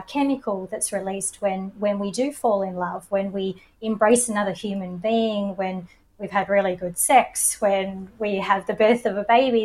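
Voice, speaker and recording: A woman's voice: medium pitch, rough recording. Confident Australian woman coach explaining. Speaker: coach and presenter. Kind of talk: explanatory podcast talk.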